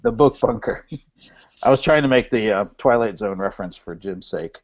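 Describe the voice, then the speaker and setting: A man's voice: on the low side, animated, moderate pace. Easygoing man hosting a video call. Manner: easygoing, joking, loose with fillers. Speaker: host of a video call meetup. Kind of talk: casual online chat. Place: home, coming in over a video call. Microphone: video call microphone. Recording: dull lo-fi video call audio.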